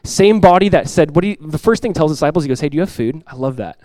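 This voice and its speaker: A middle-aged man preaching a sermon as pastor to his church, earnest and direct, repeating key lines and acting out everyday voices with lively emphasis. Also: on the high side, racing, no echo, low-quality recording. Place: church sanctuary.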